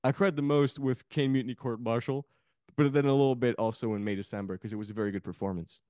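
A man's voice: medium pitch, fairly even intonation, fast talker, mellow, no echo. A man guesting on a podcast, chatting casually about films, rambling and laughing often. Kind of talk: casual film chat.

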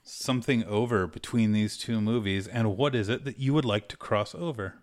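A young adult man co-hosting a podcast in a relaxed, easygoing casual chat. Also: lowish voice, normal speed. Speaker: podcast co-host.

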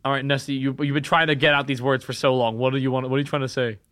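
A man goofily improvising a comedy scene on a podcast. His voice is bright and lively in pitch, recorded close and dry. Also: very fast, no room sound. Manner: goofy, flustered, improvising. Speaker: podcast co-host.

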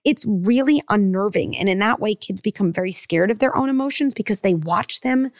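A middle-aged woman psychologist giving parenting advice in a podcast interview, animated and full of "like", acting out parent and child lines. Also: medium pitch, fairly quick, no echo, clean studio sound. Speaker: clinical psychologist guest.

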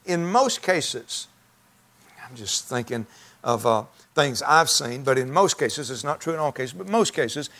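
A man's voice: medium pitch, expressive, unhurried, a bit bright. A man preaching a sermon to his church, talking in a conversational, folksy way with frequent restarts. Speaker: pastor.

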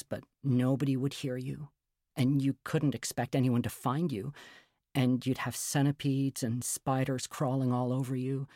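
A man's voice: medium pitch, warm tone, dry recording, clean studio sound, pitched above the performer's own voice, natural voice. A man voicing a fragile, anxious young woman. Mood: eerie. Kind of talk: audiobook character reading.

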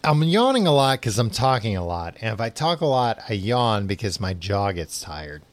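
A man's voice: lowish voice, big pitch swings, moderate pace, dry recording. Tired male podcast host rambling through a plot recap, dry close sound. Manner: rambling, filler-heavy retelling. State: tired and yawning. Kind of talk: casual book recap chat.

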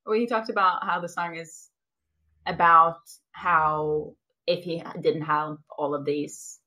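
A woman with a somewhat low voice co-hosts a casual podcast. She chats freely, laughs often and drops into quick quoted asides. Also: fairly even intonation, bright, forceful tone. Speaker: podcast co-host. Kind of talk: casual chat.

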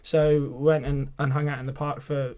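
A young man from Britain chatting on a podcast, rambling through a story with lots of filler words. His voice sits a touch higher than most men's. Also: level tone, moderate pace, darkish tone, clean tone. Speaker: podcast guest. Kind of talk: casual chat.

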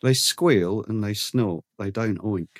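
Low-ish voiced guy, dry matter-of-fact podcast co-host. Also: takes it slowly, no room sound. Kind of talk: casual chat.

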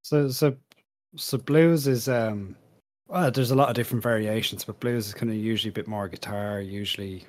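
Dry, teasing low-voiced man. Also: steady tone, normal speed, a little mellow. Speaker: podcast co-host. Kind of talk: casual podcast chat.

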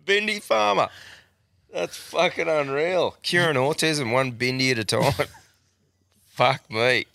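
A man's voice: a little high, slow, creaky, long pauses, bright, forceful tone. An Australian man hosting a podcast, swearing and laughing through casual banter. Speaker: podcast host. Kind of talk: casual chat.

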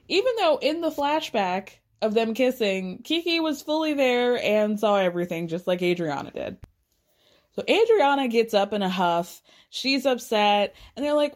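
A woman giving a casual, gossipy recap of a reality show, slipping into quick impressions of the cast as she retells their lines. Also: medium pitch. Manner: gossipy, animated, mimics cast members' voices.

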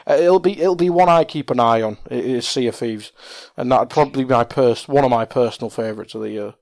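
A man's voice: medium pitch, fast talker, darkish tone, no room sound, studio quality. A man co-hosting a casual gaming podcast, chatty, laughing often and stumbling over words. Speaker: podcast co-host.

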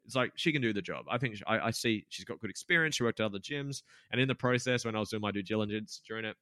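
A young man tells a story as a podcast guest, in a bright, forceful voice sitting fairly low. He is frank and rambling, swears freely and leans on fillers. The sound is dry and close, with no room. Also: lively intonation, fast talker, no room sound. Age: 20s. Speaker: podcast guest, gym business owner.

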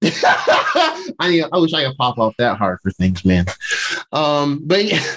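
Speaking slowly with a fairly high-pitched voice, a man chats casually on a podcast about a TV episode. He retells it with animation, performing characters' quotes in slang and a raised voice.

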